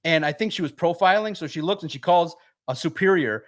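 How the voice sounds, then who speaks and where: A man guesting on a sports podcast, telling stories in an animated way and swearing freely. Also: on the high side, a little fast. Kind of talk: casual podcast chat.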